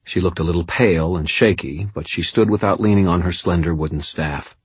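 Deep, husky male narrator, dry sound. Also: fairly quick, dry recording. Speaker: audiobook narrator. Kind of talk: first-person scripted narration.

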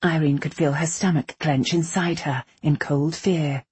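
Female audiobook narrator, low, very husky voice, dry close sound. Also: steady tone, a little slow, darkish tone, no room sound. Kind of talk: scripted fantasy narration.

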